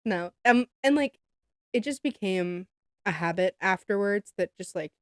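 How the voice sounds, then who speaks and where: A woman co-hosting a podcast, chatting casually in a soft, agreeable way. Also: mid-range voice, animated, a little slow, no echo, studio quality. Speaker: podcast co-host. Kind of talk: casual chat.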